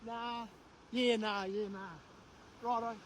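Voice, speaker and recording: A man's voice: very high-pitched, level tone, takes it slowly, a little hiss or hum. A man playing a laconic Australian bloke who mumbles and trails off.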